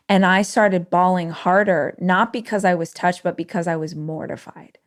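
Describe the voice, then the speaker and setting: A woman's voice: fairly low pitch, normal speed, hardly any pauses. A woman podcast host telling a personal story with feeling, acting out the dialogue. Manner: emotional, animated retelling with quoted dialogue.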